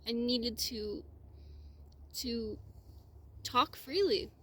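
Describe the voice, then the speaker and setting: A woman speaking in a heartfelt personal monologue, close to tears, her voice sometimes dropping to a soft whisper. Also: fairly high pitch, very slow. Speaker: spiritual vlogger.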